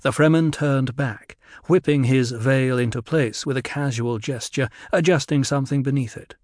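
A man giving measured, scripted audiobook narration in an even storytelling delivery. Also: medium pitch, dry recording, clean studio sound.

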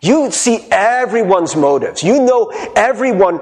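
A male pastor giving a sermon in a conversational, animated way, often mimicking people and laughing. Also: high-pitched, a little slow.

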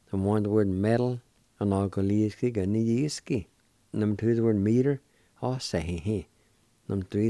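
A man's voice: on the low side, warm tone, no room sound. A man hosting a radio language lesson, spelling words out and pronouncing them carefully, syllable by syllable, with repeats. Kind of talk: slow spelling and pronunciation lesson.

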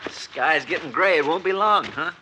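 An actor playing a mild, polite novice hunter in 1940s radio acting, hesitant and eager. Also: male voice, fairly high pitch, lively intonation, normal speed, noisy background, lightly acted. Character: meek, eager novice hunter, a married neighbor.

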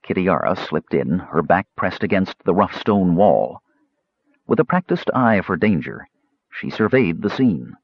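A man reading fantasy fiction aloud as an audiobook narrator, steady storytelling with varied voices. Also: deep voice, a little slow, breathy edge, no echo, lo-fi sound. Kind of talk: scripted narration.

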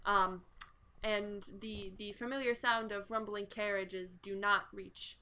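A woman's voice: mid-range voice, fairly even intonation, takes it slowly, background noise. A woman narrating a tabletop game as game master, casual and laughing. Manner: casual, laughing, hesitant with fillers.

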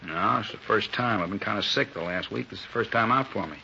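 A sullen, slangy salesman caught by the police, dodging every question in a 1950s radio crime drama. The voice is sharp and bright and the lines come quick. It sounds like a dull, lo-fi old radio broadcast with a faint hiss behind it. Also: fairly low pitch, gravelly, heavily acted. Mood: sullen evasive. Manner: evasive, sullen, slangy tough-guy talk. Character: shifty defensive male door-to-door lot salesman suspect.

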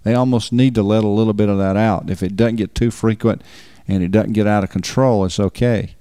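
A man's voice: on the low side, fairly even intonation, a little fast, mellow, no echo, clean studio sound. A man preaching on marriage in a folksy, emphatic way, repeating words for stress. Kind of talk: sermon.

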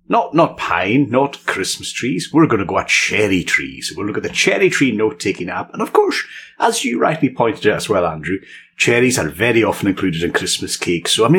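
A man with a lowish voice co-hosts a casual tech podcast, playful and enthusiastic. His pitch leaps all over the place as he jokes, and a faint hum of noise sits under the recording. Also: a bit bright. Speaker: podcast co-host. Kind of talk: casual chat.

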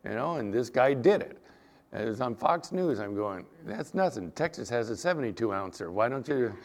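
A man's voice: mid-range voice, moderate pace. A male pastor preaching a sermon, telling stories and acting out the quotes in them. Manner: animated storytelling, acting out quotes.

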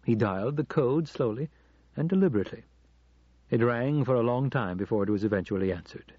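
A man reading an audiobook in measured, suspenseful scripted narration. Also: mid-range voice, expressive, darkish tone, slightly rough, no echo. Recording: muffled cassette audiobook.

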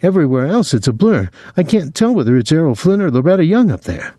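A man's voice: fairly high pitch, very animated, fast talker, warm tone, no room sound, studio quality, voice pushed up. A man voicing a cheeky teenage boy who provokes with feigned politeness. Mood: mocking. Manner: feigned politeness, mock drama.

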